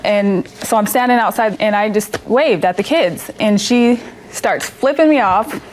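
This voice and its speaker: A woman's voice: medium pitch, measured pace, a little hiss or hum, low-quality recording. A woman plaintiff in a TV courtroom, telling her account with many hesitations. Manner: hesitant narrating with fillers. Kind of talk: testimony in court. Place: TV courtroom set.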